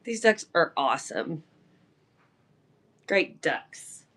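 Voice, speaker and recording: Slow-talking chatty woman hosting a live sale. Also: low-pitched. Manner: chatty, animated storytelling with filler words. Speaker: live-selling host. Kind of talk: casual livestream chat.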